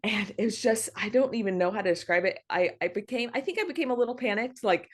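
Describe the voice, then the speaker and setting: A young woman tells a personal story in a relaxed podcast chat. She speaks at a middle pitch, animated and quick to laugh, with many "like"s and restarts. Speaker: podcast guest. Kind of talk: casual birth story interview.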